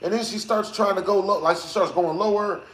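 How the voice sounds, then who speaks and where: Guy streamer with a high voice, slangy and rambly, chatting to his viewers in an echoey room. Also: brisk. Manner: slangy, rambling, animated, laughs often. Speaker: live streamer. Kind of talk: casual storytelling to live chat. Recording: roomy echo.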